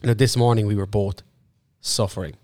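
A man's voice: fairly low pitch, fairly even intonation, moderate pace, a little mellow, dry recording, studio quality. A young Irish man, a podcast co-host, telling rambling, sweary stories in casual chat.

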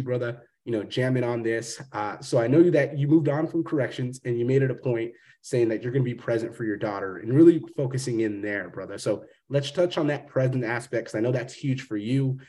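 A man's voice: medium pitch, warm tone. A man hosting a podcast, talking in a rambling, profane, casual way and calling his guest brother. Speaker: podcast host. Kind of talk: casual interview chat.

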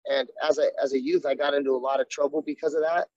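A man's voice: on the high side, flat delivery, fast, darkish tone, no echo. A man, a jiu-jitsu coach, talking candidly and earnestly in a casual interview, often restarting his sentences. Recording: dull, dry sound.

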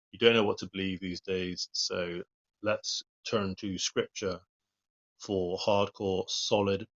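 A man's voice: fairly low pitch, creaky, a bit bright. Earnest man preaching, lo-fi. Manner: earnest, plain-spoken, reads verses then comments. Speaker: lay preacher. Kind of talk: informal devotional talk.

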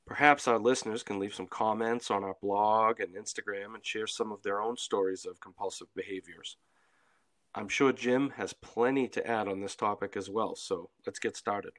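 Middle-aged guy, kinda low voice, reading his podcast notes steady and calm. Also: normal speed. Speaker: podcast co-host. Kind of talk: scripted podcast talk.

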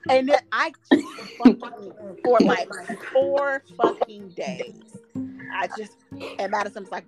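A woman in casual podcast chat, animated and profane, laughing often as she talks. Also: a little high, measured pace, music in the background.

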